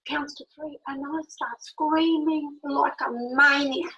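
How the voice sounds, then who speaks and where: A middle-aged woman telling a personal story in a lively, animated way, acting out the dialogue as she goes. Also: high voice, measured pace, creaky, muffled recording. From Italy. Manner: animated, acts out quoted dialogue, laughs often. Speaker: speaker.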